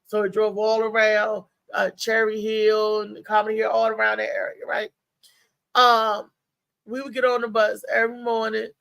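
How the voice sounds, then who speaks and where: A woman from Maryland hosts a live show and tells a long personal story. Her voice has a gravelly edge and a bright, forceful tone. The sound is dry and close, with no room around it. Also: on the high side, normal speed, no echo. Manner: animated, chatty, talks to listeners as "y'all". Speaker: show host.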